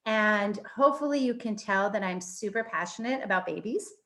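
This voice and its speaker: A woman's voice: mid-range voice, normal speed, fairly bright tone. Enthusiastic woman professor on a webinar. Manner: enthusiastic, frequent um fillers. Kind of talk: webinar presentation.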